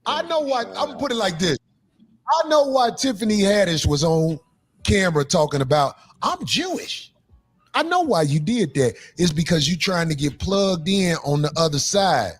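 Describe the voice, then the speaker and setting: A man ranting loudly and profanely in a sing-song way, talking with his podcast co-hosts. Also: high-pitched, lively intonation, normal speed, soft background music. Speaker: comedian. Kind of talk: angry rant.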